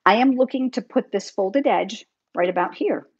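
On a muffled recording, a middle-aged woman speaks at a moderate pace in a mid-range voice that's a little mellow and slightly rough. Working with her hands at a craft table, she leads a live card-making lesson, talking chattily and brightly to her audience.

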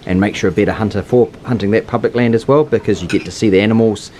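Fast-talking New hunting guide. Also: male voice, on the low side, a little mellow, a little hiss or hum. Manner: encouraging, practical, easygoing. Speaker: hunting guide and channel host. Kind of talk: casual outdoor instruction and wrap-up chat. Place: outdoors on a hillside.

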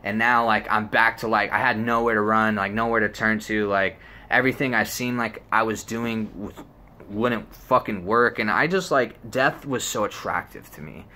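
A man's voice: fairly low pitch, moderate pace, bright, forceful tone. A young man telling a personal story in a rambling, casual way, full of fillers and swearing. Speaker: vlogger.

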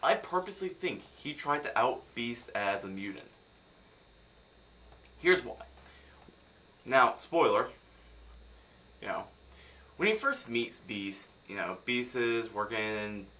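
A man's voice: lowish voice, lively intonation, measured pace, pauses often, bright, forceful tone. A young man from the United States ranting sarcastically in a film review vlog.

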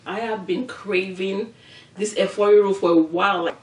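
This woman's voice is medium in pitch, with fairly even intonation and normal speed. She is a Nigerian Yoruba-accented mukbang host keeping up playful, casual eating-show chatter aimed at her viewers, recorded off-mic from a distance with roomy echo and slight background noise.

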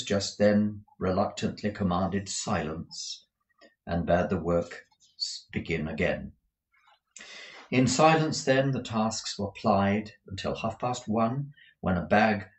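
A man with a fairly low voice reads a classic novel aloud. He often trips over words and goes back to correct himself as he goes. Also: poor audio. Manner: frequent restarts and self-corrections. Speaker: audiobook reader.

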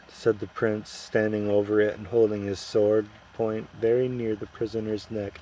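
A man narrating a children's fantasy chapter in a measured, even reading voice. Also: on the low side, poor audio. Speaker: audiobook reader. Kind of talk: storybook narration.

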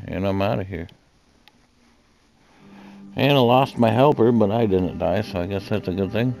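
A man's voice: on the low side, normal speed, creaky, a little mellow. A man casually commenting on his own gameplay, chatty and laid-back, thinking aloud as he plays. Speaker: gaming channel host. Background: game music.

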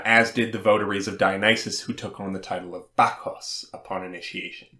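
A man hosting a scripted history lecture, reading in a measured, scholarly way with occasional fillers. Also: lowish voice, sharp tone. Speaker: host. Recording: roomy echo.

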